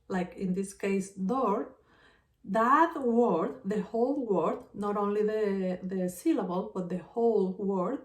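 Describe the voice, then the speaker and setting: A woman teaching a lesson patiently, repeating example words slowly and clearly. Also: medium pitch, darkish tone, reverberant, recorded from a distance. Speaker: Spanish teacher. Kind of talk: slow explanatory lesson.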